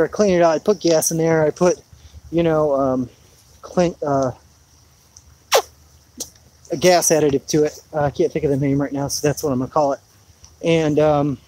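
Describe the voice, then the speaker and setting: A man's voice: on the high side, darkish tone, rough recording. A man rambling through a laid-back live chat outdoors in his rainy backyard, full of fillers. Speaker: homesteading vlogger.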